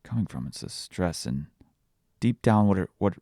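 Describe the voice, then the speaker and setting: In clean studio sound with no echo, this young man hosts a casual personal podcast, his deep, mellow voice animated at a normal speed. He tells frank stories that poke fun at himself, in an easygoing, confessional way.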